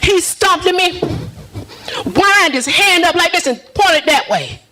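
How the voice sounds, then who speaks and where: A woman doing a stand-up routine, sassy and teasing the crowd with drawn-out punchlines. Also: very high voice, lively intonation, bright, forceful tone, a little hiss or hum, low-quality recording. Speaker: stand-up comedian.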